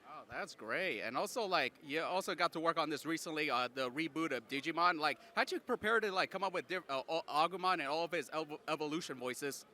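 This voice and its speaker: Eager young-sounding male interviewer, fast and bright. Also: fairly high pitch, expressive, slight background noise. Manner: eager, filler-heavy questions. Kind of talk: convention interview. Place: outdoors at a convention.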